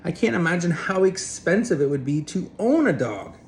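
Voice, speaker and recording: A man's voice: sits high, very animated, moderate pace, slight background noise. A man giving a casual, rambling opinion rant as a vlogger, blunt and swearing freely.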